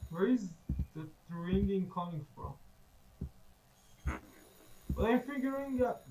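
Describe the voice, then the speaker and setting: A man with a high, wildly swinging voice, talking through a horror game as he plays. He swears freely and sarcastically greets the monsters that jump at him. He speaks slowly, drawing out his words. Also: lively intonation, mellow, slight background noise, low-quality recording. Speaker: gaming YouTuber. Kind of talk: horror game let's play commentary.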